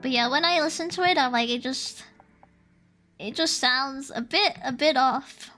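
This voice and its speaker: A woman's voice: high-pitched, measured pace, pushed and bright, soft background music. A woman streamer in casual stream chat, rambling and giggly as she thinks aloud.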